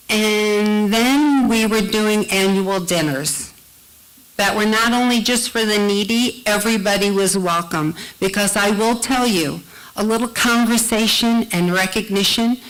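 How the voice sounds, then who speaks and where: A woman speaks into a stage microphone at a storytelling night, her voice sitting at an ordinary middle pitch. She tells a personal story in a heartfelt way and slows down to lean on the lines that matter. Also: a bit bright, poor audio. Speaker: storyteller at a live event. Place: live storytelling event.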